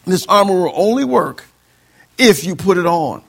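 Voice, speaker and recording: A man's voice: high-pitched, sing-song, moderate pace, vocal fry, fairly bright tone, slightly rough. A male pastor preaching a sermon, quoting scripture and calling for amens from the congregation. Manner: call-and-response preaching, quoting scripture, mocking excuses in voices.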